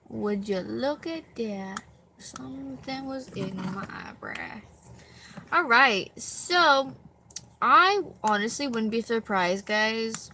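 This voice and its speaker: A woman's voice: a little high, pushed and bright, slight background noise. Rambling, tired young woman live streaming. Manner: rambling, self-deprecating, swears casually. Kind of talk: casual live stream chat. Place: at home with a dog on her back.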